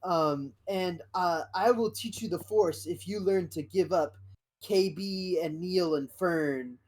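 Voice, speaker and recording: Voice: mid-range voice, slow, voice pushed up. A podcast host voicing a kindly male Jedi master hologram in a playful made-up scene, in a raised, earnest voice. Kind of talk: playful retelling of a made-up episode.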